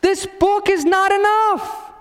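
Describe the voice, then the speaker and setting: A man preacher voicing loud, obnoxious false teachers in a sermon, shouting in a raised voice. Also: sits high, very animated, unhurried, smooth, long reverb tail, pitched above the performer's own voice. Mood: shouting, pushy.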